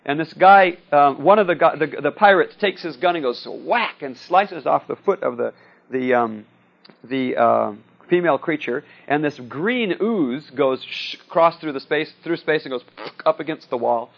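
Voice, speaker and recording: A man lectures to a class in a loose, conversational way, often pausing to check in with his listeners. His voice sits a little high for a man, and the recording is dull and lo-fi. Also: animated, creaky. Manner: conversational, frequent "okay?" and "see?" checks.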